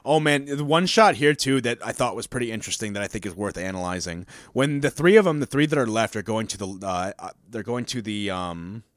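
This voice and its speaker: A man's voice: fairly low pitch, a little fast, few pauses, no room sound. Casual swearing man, dry close sound. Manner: animated, swears freely, acts out characters' lines. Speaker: podcast co-host discussing a comic. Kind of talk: casual chat.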